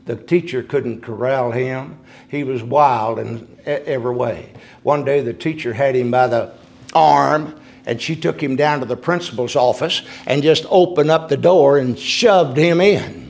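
A man delivers a sermon. His voice is a little high and gravelly with fry. He climbs into forceful emphasis, then falls back to quiet storytelling. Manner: preaching that rises to emphatic peaks and drops to quiet storytelling. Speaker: preacher.

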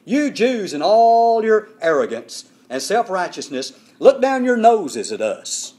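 A male preacher voicing an indignant, sharp-tongued Samaritan woman at a well, in a scornful, challenging manner, as a sermon retelling. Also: sits high, very animated, measured pace, pitched above the performer's own voice.

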